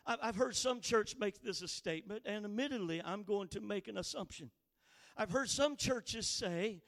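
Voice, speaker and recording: A man preaching a sermon, reading scripture slowly and building to impassioned, shouted emphasis. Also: high voice, vocal fry. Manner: reads scripture slowly and deliberately.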